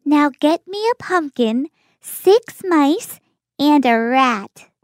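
A woman voicing a kind fairy godmother in a storybook reading, speaking gently and slowly. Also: high-pitched, lively intonation, no echo, clean studio sound, voice pushed up. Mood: reassuring.

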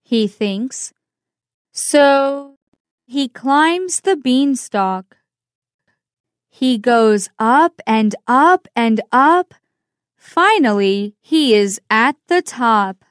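A woman narrating a simple storybook in a clear, deliberate way for learners. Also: sits high, lively intonation, no echo, clean studio sound.

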